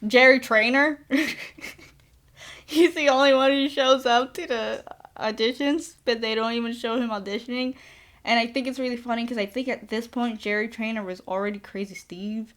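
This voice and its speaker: A woman's voice: a little high, steady tone, normal speed. A young woman casually recapping a movie plot in a chatty, sarcastic way, filling her talk with "like". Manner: sarcastic, chatty, says like a lot. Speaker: podcast host.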